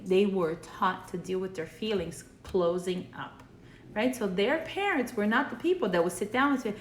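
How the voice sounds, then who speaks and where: A woman therapist talks through a casual video lesson at home at a mid-range pitch, checking in with listeners by asking "right?" as she goes. Her voice rings in a roomy, echoey space with a faint hum behind it. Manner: conversational, often checks in with "right?".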